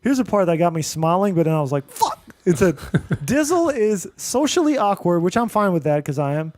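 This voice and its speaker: Podcast host, man, mixed Indian-American accent, high voice, loose rambling delivery with laughs. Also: big pitch swings, a little fast, a little mellow, dry recording. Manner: rambling, laughs often, restarts and fillers. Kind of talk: casual podcast chat, reading listener reviews.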